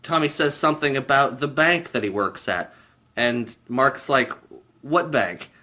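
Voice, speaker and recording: A man's voice: mid-range voice, animated, normal speed, sharp tone. A young man giving a comedic spoiler review of a film, incredulous and mocking, often breaking into laughter. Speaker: movie reviewer.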